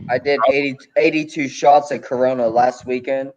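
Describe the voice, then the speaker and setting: A man's voice: medium pitch, fairly even intonation, moderate pace, darkish tone. A man co-hosting a livestream, teasing a caller in dry casual chat. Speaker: livestream co-host. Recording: dull lo-fi audio.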